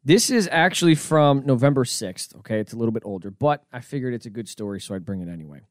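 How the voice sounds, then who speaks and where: Man, podcast co-host, playful, animated intonation, casual chat. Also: mid-range voice, fast talker, no room sound, studio quality. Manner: playful, mock-exasperated. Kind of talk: casual chat among friends.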